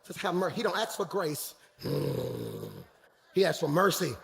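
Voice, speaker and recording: A man preaching a sermon as pastor, swinging between shouted calls and quiet, hushed storytelling. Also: a little high, lively intonation, a little slow, creaky, big-room sound, a crowd in the background. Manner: preaching in Black church style, shouting and dropping to a hush.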